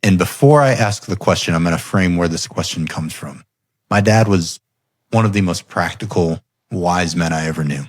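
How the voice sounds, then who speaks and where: A man's voice: low voice, normal speed, dry recording. A man hosting a podcast, telling family stories with laughs and growing animation. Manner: animated storyteller, laughs often. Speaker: podcast host. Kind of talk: casual storytelling conversation.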